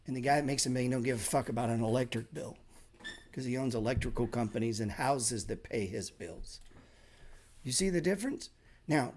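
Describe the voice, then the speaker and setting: A man teaching a live class on trading, talking bluntly and emphatically with lots of swearing and sarcastic asides. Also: medium pitch. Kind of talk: casual live class talk.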